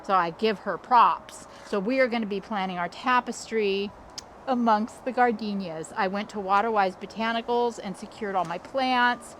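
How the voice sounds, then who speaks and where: A woman's voice: medium pitch, a bit bright, slight background noise. A middle-aged woman hosting a casual backyard walkthrough, chatty and upbeat, recorded outdoors. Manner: chatty and upbeat, with small restarts. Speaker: landscape designer and channel host.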